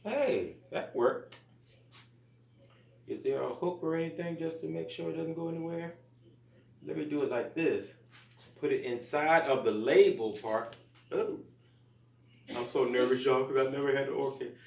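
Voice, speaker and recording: An upbeat man hosts a casual gardening vlog in a chatty, familiar tone, speaking straight to his viewers. His voice sits at a mid pitch. It rings off the walls of an echoey room. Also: normal speed, vocal fry, pauses often. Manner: chatty and upbeat, keeps addressing viewers as "you guys". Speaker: gardening channel host.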